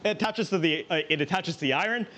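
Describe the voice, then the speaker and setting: A man with a high voice chats through a home cooking stream. He rambles and pokes fun at himself. A faint hum of room noise sits under his voice. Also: fast talker, pushed and bright. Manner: rambling, self-mocking, laughs often. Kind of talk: casual live-stream chat while cooking.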